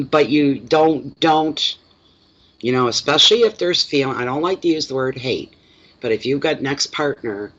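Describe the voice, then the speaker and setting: A man's voice: mid-range voice, a bit bright, dull audio. Chatty Canadian man reading tarot. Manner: chatty, answers live chat comments between cards; plainspoken, repeats words for emphasis. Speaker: tarot reader. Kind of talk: live-streamed tarot reading.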